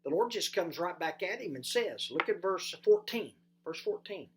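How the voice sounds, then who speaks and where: Brief: pastor delivering a sermon, animated emphasis that drops to soft, low asides, addresses listeners with questions. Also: moderate pace, few pauses. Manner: lively, swings from loud emphasis to soft and low.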